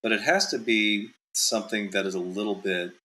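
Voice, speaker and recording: A man's voice: on the low side, a little fast, bright, forceful tone, a little hiss or hum, rough recording. A male author being interviewed in casual chat, talking in loose, rambling sentences full of "like" and "um". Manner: rambling, heavy with fillers like "like" and "um".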